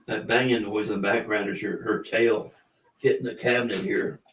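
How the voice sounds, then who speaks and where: A man's voice: fairly low pitch, fairly even intonation, moderate pace, recorded from a distance, noisy background. A man hosting a casual livestream chat, easygoing and rambling, often chuckling. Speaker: livestream host. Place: indoors, room with cabinets. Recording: echoey room, away from the mic.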